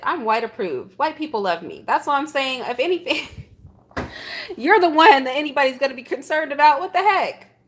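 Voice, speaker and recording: A middle-aged woman with a high voice talks straight to her viewers in a loose livestream chat. She tells the story with indignant energy and keeps throwing out rhetorical questions. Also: fairly bright tone. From San Francisco, USA. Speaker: vlogger reacting to chat.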